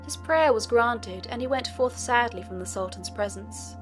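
A woman narrating a fairy tale audiobook in a steady storytelling manner. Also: on the high side, moderate pace, faint music behind.

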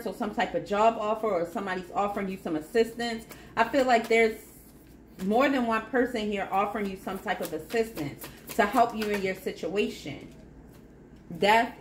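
A woman's voice: medium pitch, slight background noise. A woman with a mid-range voice gives a casual spiritual tarot reading. She sounds effusive and encouraging, and she often repeats a phrase to drive it home. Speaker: tarot reader.

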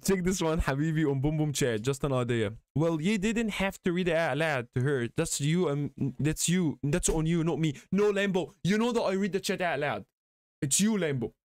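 Chatty excitable guy on a live stream, kinda high voice, dry close mic. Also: moderate pace, no echo. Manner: excitable, chatty, laughs often. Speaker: gaming streamer. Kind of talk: casual live-stream chat.

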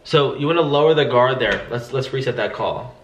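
A man's voice: mid-range voice, brisk, reverberant, lo-fi sound, slight background noise. A man coaching sales agents in a casual way, acting out friendly phone greetings. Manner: acts out upbeat phone greetings. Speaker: sales trainer.

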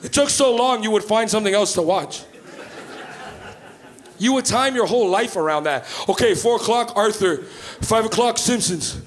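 High-voiced profane stand-up man. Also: normal speed. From Canada. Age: 30s. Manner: profane, animated storytelling. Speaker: stand-up comedian. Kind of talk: stand-up comedy set. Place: comedy club. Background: live audience laughter.

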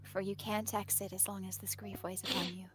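A woman narrating scenes for a tabletop game, calm and descriptive. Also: mid-range voice, a little fast, loud music behind the voice.

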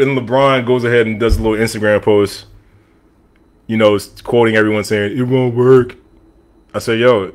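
A man hosts a podcast on his own and riffs on sports. He is animated and opinionated, with a middle-pitched voice, and he talks straight to his audience. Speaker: podcast host. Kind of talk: casual sports talk monologue. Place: room with a team flag on the wall.

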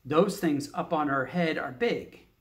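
A man's voice: on the high side, a little slow, far from the mic. A man voicing a big, frightened pig, in a plain storybook reading voice.

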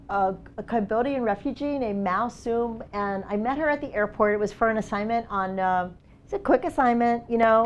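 A middle-aged woman, a documentary photographer, telling stories in a casual seminar talk, full of "like" and "you know" and acted-out quotes. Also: medium pitch. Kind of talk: casual storytelling presentation. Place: seminar event space.

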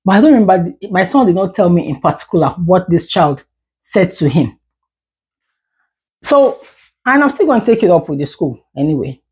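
A woman's voice: fairly low pitch, very animated, moderate pace, pauses often, darkish tone. A woman in her thirties, a parent vlogger, ranting to the camera in a candid, emphatic way, often repeating words when heated. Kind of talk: candid talking-head rant.

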